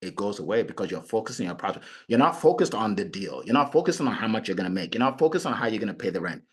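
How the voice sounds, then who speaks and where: A middle-aged man coaching on sales, talking in an animated way and acting out his prospects. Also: lowish voice, fast talker, slightly rough. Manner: animated, acts out clients and prospects in quoted voices. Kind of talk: motivational sales talk.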